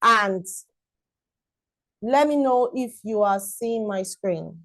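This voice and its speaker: A woman's voice: medium pitch, lively intonation, takes it slowly, a bit bright, no room sound, rough recording. A woman teaching a live-streamed online class, enthusiastic and repetitive, greeting viewers by name.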